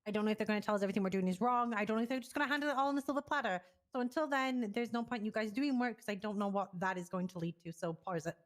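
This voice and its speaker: Fast-talking woman acting as sheriff. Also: mid-range voice. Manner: brisk and decisive. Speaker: temporary sheriff in a roleplay meeting. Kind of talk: casual roleplay chat.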